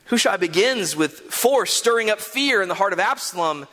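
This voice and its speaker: A man preaching a sermon in a church, telling a story in an animated way with frequent stammered restarts. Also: sits high, normal speed, few pauses, big-room sound. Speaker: pastor.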